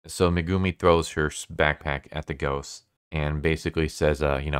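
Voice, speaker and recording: A man's voice: extremely low pitch, steady tone, normal speed, hardly any pauses, clean tone, dry recording, studio quality. A man casually recapping a manga chapter in a laid-back, chatty way, leaning on "like" and "basically.". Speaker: manga reviewer.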